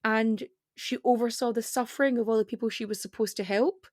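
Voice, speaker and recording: A woman guest on a podcast, talking casually in quick, rambling runs with frequent restarts. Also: fairly high pitch, steady tone, no room sound, studio quality.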